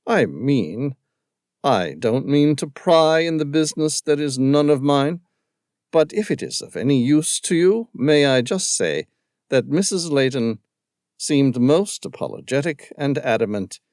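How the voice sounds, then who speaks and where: A man doing a monotone British footman. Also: medium pitch, a little slow, no echo, studio quality, pitched above the performer's own voice. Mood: dutiful. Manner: monotone drawl. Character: British male footman, dutiful and reserved.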